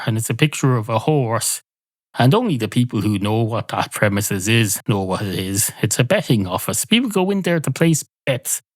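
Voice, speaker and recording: A male podcast host rambling through a deadpan, absurd comic story. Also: medium pitch, no echo.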